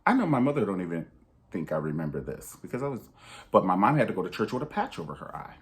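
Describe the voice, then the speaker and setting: A man with a deep, low-pitched voice talks candidly to his viewers. He speaks in an emphatic, preachy way, and his pitch leaps upward whenever he drives a point home. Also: sing-song, quick pace. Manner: pitch jumps high for emphasis. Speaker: vlogger. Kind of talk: candid personal vlog monologue.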